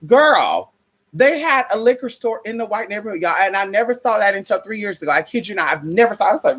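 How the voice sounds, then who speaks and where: This spiritual vlogger, a young adult woman from the US, rants casually with sass and profanity, addressing listeners as "honey" and "girl." She talks fast in a medium pitch, expressive and fairly bright with a breathy edge.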